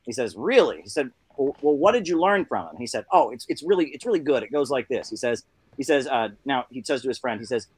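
A man's voice: medium pitch, quick pace, breathy edge, no room sound. A man telling jokes and stories in casual chat, doing little voices for the people in them. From New York. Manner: animated storyteller, doing voices for characters.

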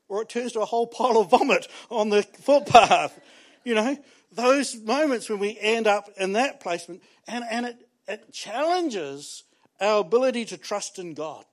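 A New man in his thirties preaching to his church. He tells stories with animation and laughs often, and his voice sits high for a man. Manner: animated storytelling, laughs often, restarts words. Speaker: pastor. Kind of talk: sermon.

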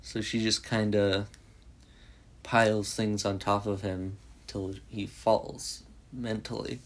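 A man's voice: on the low side, level tone, takes it slowly. A man casually recapping a movie in a rambling way, full of "like" and restarts. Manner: rambling, heavy use of "like". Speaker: movie reviewer.

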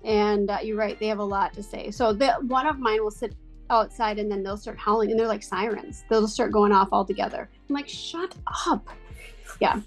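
A woman talking in a casual chat, chatty and animated with lots of fillers. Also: medium pitch, brisk, faint music behind.

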